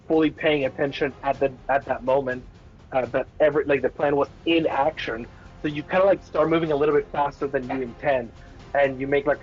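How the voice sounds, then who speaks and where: A man running a tabletop game as game master narrates in a rambling way, full of filler words. His voice is mid-range, and the dull lo-fi recording carries faint music.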